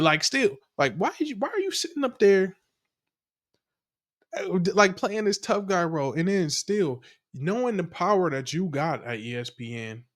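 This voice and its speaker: A man co-hosting a podcast, reacting in casual, slangy talk that rambles and restarts. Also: on the high side. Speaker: podcast co-host.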